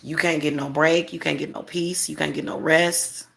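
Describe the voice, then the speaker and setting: Woman, slightly low voice, spiritual reader, casual livestream talk, emphatic, repetitive, chuckling. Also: little pitch movement, normal speed, creaky, a bit bright.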